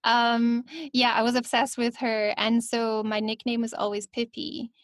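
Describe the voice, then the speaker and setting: A woman's voice: on the high side, monotone, unhurried, no echo, clean studio sound. Chatty young Scottish woman. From Scotland. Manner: chatty, giggly, full of fillers. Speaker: guest. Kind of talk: casual interview chat.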